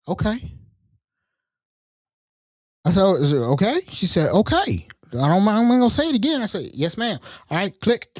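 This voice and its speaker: Male host, animated storyteller, swings his pitch widely, dry booth sound. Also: no echo. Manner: animated, acts out quoted voices. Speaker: podcast host. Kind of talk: casual storytelling.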